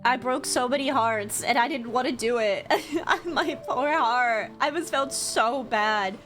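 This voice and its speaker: A young woman streamer chatting with her viewers about a convention, bubbly and quick to swear, with lots of "like". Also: a little high, a bit bright, faint music behind. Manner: bubbly storytelling, swears freely, frequent "like". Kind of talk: casual chat to stream viewers.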